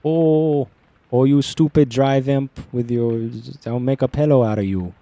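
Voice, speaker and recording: A man voicing a hateful, rageful male villain from a game, in a clumsy attempted Minnesotan accent, pitched higher than his own voice. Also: steady tone, unhurried, mellow, no room sound, natural voice. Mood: spiteful.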